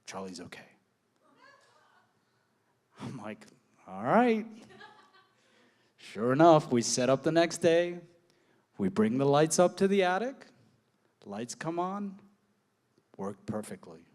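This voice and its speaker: A man's voice: a little high, a little slow, pauses often. A man telling a personal story on stage, acting out quoted dialogue and laughing as he goes. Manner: animated, acts out quoted dialogue, laughs often.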